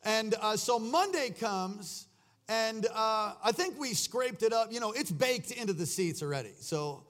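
A man's voice: high voice, expressive, a little slow, a bit bright. A man preaching a sermon, telling a rambling story full of fillers and restarts, then exhorting his congregation. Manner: rousing, exhorting. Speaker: pastor.

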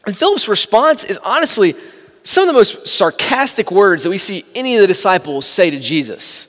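A man preaching a sermon, animated, acting out the people in the story with sarcastic asides. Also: high-pitched, a little fast. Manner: animated, acts out quoted dialogue, sarcastic asides. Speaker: pastor. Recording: long hall reverb.

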